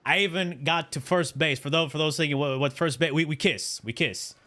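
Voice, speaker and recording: Streamer in his thirties from Canada, fairly high and very bright voice, loose slangy storyteller who swears a lot. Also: fairly quick. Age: 30s. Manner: animated, slangy, profane, repeats "right?". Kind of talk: casual storytelling to chat.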